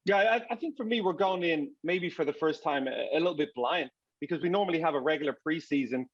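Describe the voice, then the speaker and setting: A man with a fairly high voice talks soccer on a panel in an animated way, often restarting his words. His audio is muffled and dull, and it sounds dry and close. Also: quick pace, breathy edge, dry recording. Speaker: soccer broadcaster. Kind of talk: casual panel discussion.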